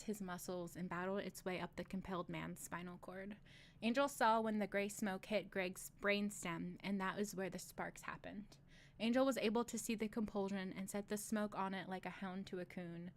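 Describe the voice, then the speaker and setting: A woman's voice: mid-range voice, fairly bright tone. Woman reading a story aloud on stream. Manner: reads steadily, breaks off for joking asides. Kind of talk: casual read-aloud with asides.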